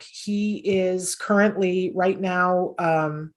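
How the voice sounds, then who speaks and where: A woman's voice: medium pitch, measured pace. A middle-aged woman talking earnestly as an interview guest, with many fillers and restarts. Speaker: podcast host and autism mom, guest. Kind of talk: conversational interview storytelling.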